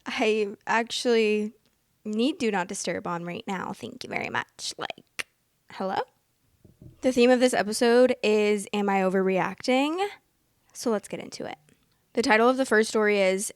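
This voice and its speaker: A young adult woman hosting a story show, reading stories aloud and breaking off into expressive, exasperated asides. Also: mid-range voice, clear, resonant tone, no room sound, studio quality. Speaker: host.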